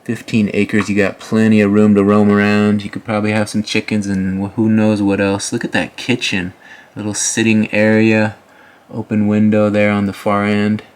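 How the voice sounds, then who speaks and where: A man's voice: on the low side, monotone, moderate pace, smooth. A man hosting a house tour, chatting casually over the photos with folksy asides to his viewers. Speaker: host.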